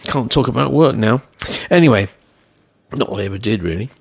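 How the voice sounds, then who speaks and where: A man's voice: mid-range voice, expressive, a little fast, creaky, breathy edge, dry recording, clean studio sound. A man hosting a radio show, chatting casually and rambling with self-deprecating asides.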